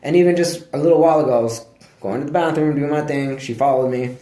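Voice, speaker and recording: A man's voice: a little high, fast talker, mellow. A man vlogging in casual, rambling talk, laid-back and profane, laughing often. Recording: echoey room.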